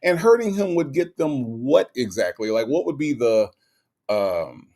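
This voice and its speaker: A man's voice: mid-range voice, very animated, a little slow, mellow. A man hosting a live stream in casual, slangy commentary. He reads out chat comments and fires back rhetorical questions, often repeating himself. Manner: slangy, conversational.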